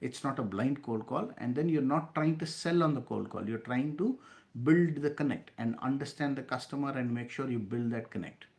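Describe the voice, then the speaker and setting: A man leads a sales lesson at a steady middle pitch. He explains each point, repeats it for emphasis and keeps checking in with the listener. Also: moderate pace, vocal fry. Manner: instructive, repeats points with frequent "right?". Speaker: sales trainer. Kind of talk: class-style sales lesson.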